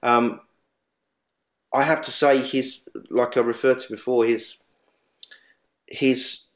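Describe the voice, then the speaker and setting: A man speaks in a broken, stop-start way, circling back and repeating himself as he recalls a close colleague. His pitch sits in a middling register. The talk is heartfelt, loose and unscripted. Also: fairly even intonation. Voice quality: halting, many restarts and repeats. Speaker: speedway journalist. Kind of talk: emotional tribute reminiscence.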